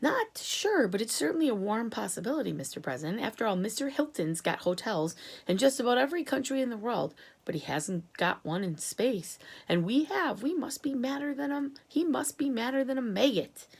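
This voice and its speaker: A woman as a fawning male spy in falsetto, lively and eager. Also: a little fast, creaky, breathy edge, exaggerated voice.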